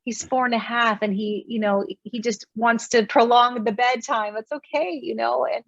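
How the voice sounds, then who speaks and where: A woman's voice: a little high, steady tone, normal speed, gravelly, dry recording. A woman in her thirties, a guest author on a podcast, talking in an earnest storytelling way with many fillers. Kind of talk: casual interview chat. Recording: dull, dry sound.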